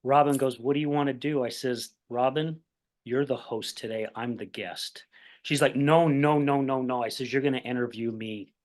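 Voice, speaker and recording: A man hosting a recovery podcast, telling a personal story in a lively conversational way, acting out what others said and often asking "right?". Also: medium pitch, moderate pace. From Utah, USA. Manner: animated storyteller, acts out quoted voices, says "right?" often. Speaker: podcast host.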